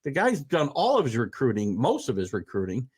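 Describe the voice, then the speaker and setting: A man's voice: medium pitch, wildly swooping pitch, a little fast, darkish tone, slightly rough. A man hosting a casual sports talk show, chatting and pushing back on his guest. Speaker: host.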